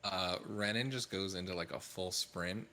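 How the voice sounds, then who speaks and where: A man with a low voice playing a tabletop game. He talks loosely and hesitantly as he describes what his character does. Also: normal speed, pushed and bright. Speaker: player. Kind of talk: tabletop game play, casual.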